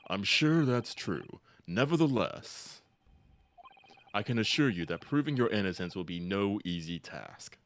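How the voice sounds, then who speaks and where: A man voicing an elderly, formal male forensic professor in a video game, in a slightly gravelly, measured voice. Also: lowish voice, lively intonation. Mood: solemn.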